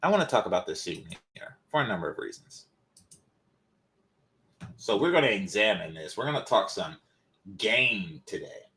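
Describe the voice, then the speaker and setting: Male host, lowish voice, casual rambling commentary, fighting off a cold. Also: sing-song, moderate pace, pauses often, a bit bright. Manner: rambling, conversational, many fillers. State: developing a cold. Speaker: channel host.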